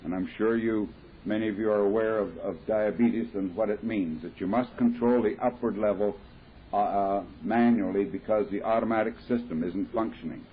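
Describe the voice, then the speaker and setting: A fairly low-voiced Midwestern man speaks at a moderate pace, telling his story to a recovery meeting in plain terms with homely comparisons. The talk comes from a tinny 1970s tape carrying a little hiss or hum.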